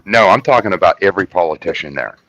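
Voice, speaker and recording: A man on a talk panel in heated political chat, speaking forcefully and stressing words slowly. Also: deep voice, expressive. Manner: forceful, emphatic, drawn-out stresses. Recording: dry, muffled lo-fi sound.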